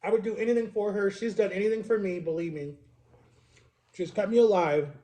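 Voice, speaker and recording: A man in his thirties vlogs to the camera in a casual, rambling, confessional way, full of filler words. His voice is high, steady and warm, and he speaks briskly.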